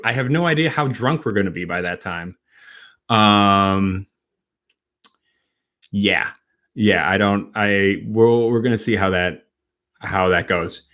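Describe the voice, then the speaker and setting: A man from Wisconsin hosting a casual late-night livestream, a bit tipsy, rambling and halting as he talks. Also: lowish voice, a bit bright. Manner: rambling, halting, with many fillers and restarts. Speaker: host.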